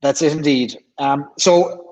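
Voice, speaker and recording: A man's voice: on the high side, a little slow, a little mellow, rough recording. An Irish man hosting a casual livestream, chatting and reading viewer comments aloud, often repeating himself. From Ireland. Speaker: livestream host.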